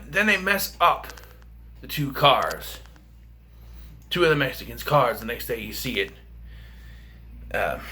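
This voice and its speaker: A man's voice: fairly high pitch, pushed and bright. A man casually reviewing a film for a vlog, rambling and chatty with lots of fillers and restarts. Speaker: movie reviewer.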